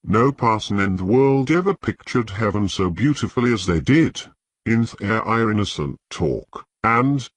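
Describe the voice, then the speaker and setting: A man reads a classic novel aloud in scripted audiobook narration. His voice sits a little low, and the sound is dry with almost no room around it. He keeps an even, measured delivery throughout. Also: no echo.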